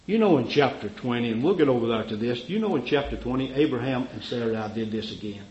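A man preaching a fervent sermon, swinging from loud cries to low murmurs and acting out the voices of figures he quotes. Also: animated, fast, slight background noise. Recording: echoey, dull lo-fi recording.

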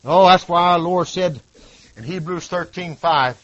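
Impassioned high-voiced preacher man. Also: a little slow. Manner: impassioned, swinging from loud cries to hushed tones; rhetorical questions and repetition. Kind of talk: sermon. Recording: dull lo-fi recording.

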